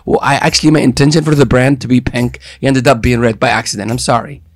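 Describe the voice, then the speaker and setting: A man hosting a daily podcast from a studio, talking in an energetic, playful, hype-style way. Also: medium pitch, fast, a little hiss or hum. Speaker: podcast host. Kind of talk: casual podcast chat. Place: studio with cameras.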